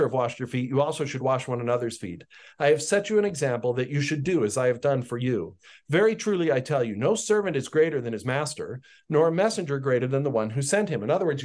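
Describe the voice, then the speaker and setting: A pastor with a fairly high, slightly mellow voice teaches a Bible passage on a podcast. Speaking conversationally, he reads verses aloud and then paraphrases them in his own words.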